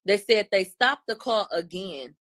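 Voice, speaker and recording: A woman recapping court testimony in a casual, animated way, using loose slangy speech. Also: mid-range voice, a little slow.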